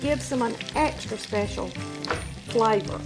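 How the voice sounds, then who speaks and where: A woman's voice: fairly high pitch, unhurried, music in the background. A woman from Southwest Georgia with a Southern accent, demonstrating a recipe on a cooking show in a plain, folksy way. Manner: folksy, explaining steps plainly. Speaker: winery guest.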